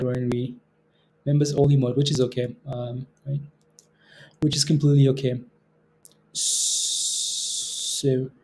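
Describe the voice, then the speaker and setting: A man from Canada hosting a day trading livestream, casually reading out viewer comments, relaxed and given to repeating himself and laughing. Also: medium pitch, a little hiss or hum.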